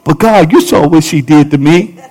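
A man's voice: a little high, normal speed, a little mellow. A male pastor preaching a fervent sermon in a church, repeating phrases and talking straight to the congregation. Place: church sanctuary.

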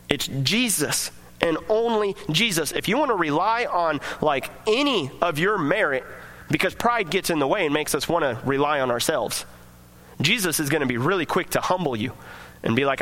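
A man's voice: fairly high pitch, expressive, moderate pace, fairly bright tone. A man preaching a sermon to his congregation in a conversational way, acting out quoted voices as he reads and explains scripture. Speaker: pastor.

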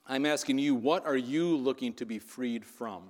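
A man's voice: medium pitch, normal speed, a little mellow, in a large hall. A man preaching a sermon as pastor, in a conversational way that keeps checking in with the congregation. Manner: conversational, keeps asking "right?".

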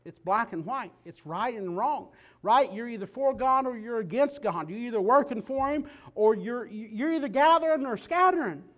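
A man preaching a sermon, dropping low and quiet then rising to loud, emphatic declarations. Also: animated, moderate pace.

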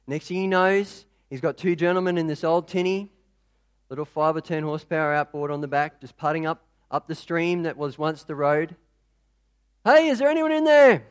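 A high-voiced man tells a story in a relaxed, chatty way. He speaks as a preacher. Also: normal speed, smooth. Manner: relaxed, conversational. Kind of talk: storytelling in a sermon.

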